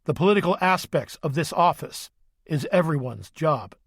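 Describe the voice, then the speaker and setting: A man reading a grave, authoritative male president in an audiobook, measured and somber. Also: on the high side, animated, no room sound, studio quality.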